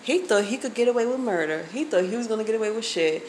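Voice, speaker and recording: A woman's voice: a little high, animated, quick pace, a little mellow, a little hiss or hum, low-quality recording. Angry woman venting to her viewers. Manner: emphatic, profane, addresses viewers directly. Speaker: vlogger.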